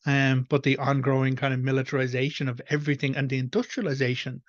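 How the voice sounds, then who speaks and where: A man's voice: mid-range voice, little pitch movement, fast talker, dry recording, lo-fi sound. An Irish man hosting a reaction video, ranting bluntly and with frustration. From Ireland. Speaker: host. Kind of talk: reaction commentary.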